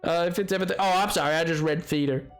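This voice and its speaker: A man with a fairly high voice rambles through a live game stream, chatting with his viewers. He talks playfully and trips over his own restarts, and faint music plays underneath. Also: rapid-fire. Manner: rambling and playful, stumbling over restarts while reading chat. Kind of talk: casual live-stream chat while gaming.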